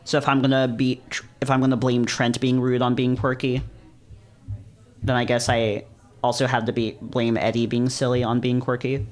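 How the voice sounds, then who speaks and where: Casual man reading a story aloud. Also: medium pitch. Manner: casual, swears and laughs, quick animated reactions. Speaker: YouTuber reading a visual novel. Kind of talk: dramatic reading with casual commentary.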